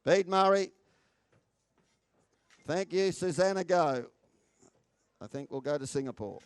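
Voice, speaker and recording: A man, calling bids as a live horse auctioneer with a rapid, rhythmic chant and salesman patter. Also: a little high, smooth, no echo. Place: sales ring.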